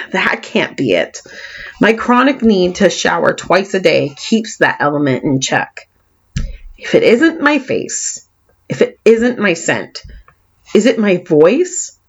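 A woman with a Californian accent and a faint lisp reads her own writing aloud with theatrical, self-deprecating flair. Her voice swings between mock despair and wry asides. The recording sounds slightly dull and muffled. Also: slightly rough. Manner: dramatic, self-mocking, wide swings in pitch and volume. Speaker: author reading her book. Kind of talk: expressive reading of memoir prose.

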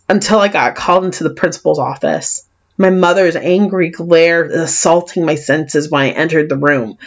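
A woman with a Californian accent and a faint lisp reads her own writing aloud with theatrical, self-deprecating flair. Her voice swings between mock despair and wry asides. The recording sounds slightly dull and muffled. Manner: dramatic, self-mocking, wide swings in pitch and volume. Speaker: author reading her book. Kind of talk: expressive reading of memoir prose.

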